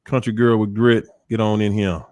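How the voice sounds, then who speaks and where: This livestream host is a man who speaks African American English with a Washington, D.C. accent, his voice lowish, level, and slightly mellow at a moderate pace. The audio is dry, without echo, as he jokingly names viewers and laughs frequently.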